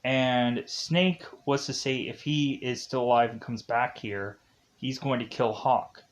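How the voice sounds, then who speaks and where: A man's voice: mid-range voice, steady tone, a little slow. A man recapping a movie plot in a casual, rambling way, full of "like" fillers. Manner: rambling, heavy use of "like". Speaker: film reviewer.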